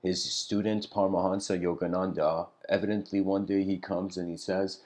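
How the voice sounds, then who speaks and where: Soft-spoken man giving a reflective lecture. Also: sits low, flat delivery. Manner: unhurried storytelling with pauses. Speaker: spiritual lecturer.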